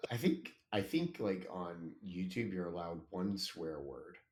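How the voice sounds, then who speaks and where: A man's voice: sits low, unhurried. A man co-hosting a business podcast in casual chat, laid-back and self-deprecating. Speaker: podcast co-host.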